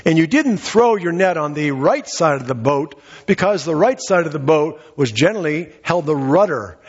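A man's voice: on the high side, breathy edge. A man preaching a sermon, retelling scripture and asking his congregation rhetorical questions. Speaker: pastor. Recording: reverberant hall, dull muffled sound.

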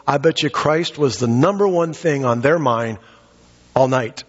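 A pastor preaches a sermon, retelling scripture and putting rhetorical questions to his congregation. His voice is medium-pitched and slightly rough, delivered at a measured pace. The recording comes from a reverberant hall and sounds dull and muffled.

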